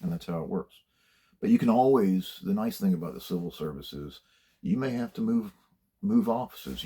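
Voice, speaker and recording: A man's voice: sits low, creaky, dark tone, husky. An older man giving blunt, plainspoken career advice in a casual monologue, swearing freely as he tells stories from his working life. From United States.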